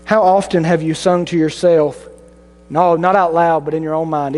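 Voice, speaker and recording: A male pastor delivering a sermon, swinging between mocking high voices and low, solemn ones, with self-deprecating humor. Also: steady tone, normal speed, a little mellow. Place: church sanctuary. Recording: long hall reverb with mains hum.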